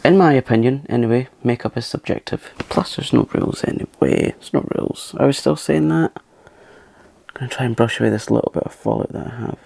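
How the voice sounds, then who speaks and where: A man hosting a makeup channel, talking softly through a tutorial in a chatty, self-mocking way and sometimes dropping into a whisper. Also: mid-range voice, brisk, vocal fry, no room sound. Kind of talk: soft-spoken makeup tutorial.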